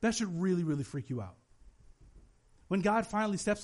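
A male pastor with a notably high-pitched voice preaches a sermon at normal speed, full of lively personal stories. He's an adult with children and slips into the voices of the people he quotes. His delivery is animated and conversational.

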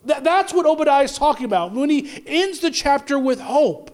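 Guy preaching, very high voice, gets loud then drops low, trips over his words a lot. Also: animated, moderate pace. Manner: impassioned preaching, swinging between loud and low; stumbles and restarts often. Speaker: pastor. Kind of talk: sermon.

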